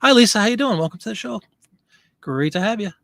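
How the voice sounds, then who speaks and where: A man's voice: sits high, expressive, fast talker, gravelly, a bit bright, no echo. A man hosting a live stream, chatting casually and answering viewer comments.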